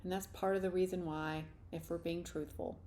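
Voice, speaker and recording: A woman leading a guided EFT tapping session, speaking slow, repetitive first-person statements for listeners to repeat. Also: fairly low pitch, level tone, warm tone, slight background noise. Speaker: tapping practitioner.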